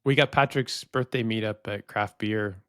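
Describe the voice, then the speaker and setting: A man's voice: fairly low pitch, fairly even intonation, normal speed, no echo, clean studio sound. An American man co-hosting a podcast, talking frankly in casual chat, swearing now and then and often restarting his sentences. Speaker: podcast co-host.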